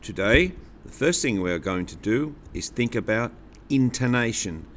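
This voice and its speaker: A man teaching a choir lesson to students, speaking deliberately and swooping his voice up and down to demonstrate intonation. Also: lively intonation, a little hiss or hum. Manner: slow, deliberate, exaggerates pitch to demonstrate. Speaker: music teacher.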